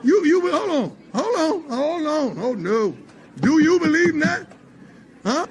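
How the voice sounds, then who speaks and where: Man doing a squeaky taunting hype man. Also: sing-song, takes it slowly, full character voice. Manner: teasing, repetitive. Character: excitable man pestering a doubter.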